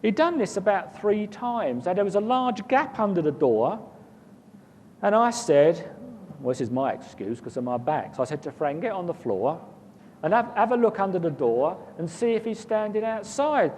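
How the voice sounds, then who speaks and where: A man's voice: very animated, normal speed, a little mellow. A man telling a personal story in a casual, rambling way, often repeating words and chuckling. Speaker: guest recounting an experience. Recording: long reverb, faint rumble.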